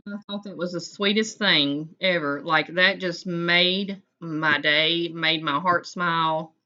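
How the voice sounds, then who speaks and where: Lady rambling on her livestream, kinda low but bright voice, folksy and chatty. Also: fairly even intonation, slow pace, highs cut off. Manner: chatty, folksy, greets viewers by name. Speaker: livestream host. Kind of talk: casual chat with live viewers.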